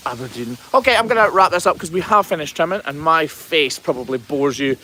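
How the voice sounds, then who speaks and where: A man's voice: a little high, animated, a little fast, pushed and bright. Chatty man reading out viewer comments. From Scotland. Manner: chatty, reads viewer comments aloud and answers them. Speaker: hoof trimmer hosting a livestream. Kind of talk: casual livestream chat, reading comments. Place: outdoors on a farm.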